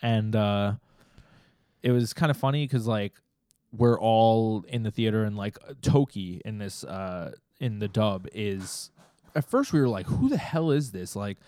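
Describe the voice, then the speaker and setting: A man co-hosting a podcast in casual chat, from New York, relaxed and joking, often trailing off mid-sentence. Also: fairly low pitch, unhurried, clear, resonant tone, no echo. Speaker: podcast co-host.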